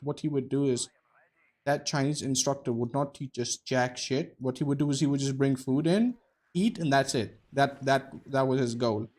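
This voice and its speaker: A man's voice: mid-range voice, a little mellow. A young man giving casual, profane, joking commentary while streaming a game, rambling between stories and play.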